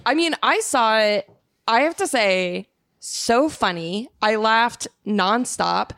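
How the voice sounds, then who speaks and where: A woman's voice: on the high side, animated, takes it slowly, a bit bright, no room sound. A woman co-hosting a podcast, musing dryly in casual chat with lots of fillers. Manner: dry, filler-heavy musing. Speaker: podcast co-host.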